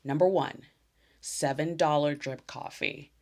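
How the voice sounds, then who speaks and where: A young adult woman from the United States hosting a casual solo tennis podcast, chatty and effusive, sometimes trailing off into soft near-whispers. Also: sits low, a little slow. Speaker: podcast host.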